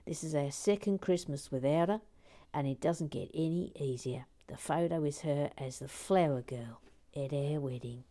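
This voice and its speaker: A woman hosting a livestream, chatting gently as she reads out viewer comments. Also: low voice, normal speed. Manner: gentle, warm-hearted and chatty. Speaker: livestream host building a brick set. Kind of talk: casual chat reading viewer comments.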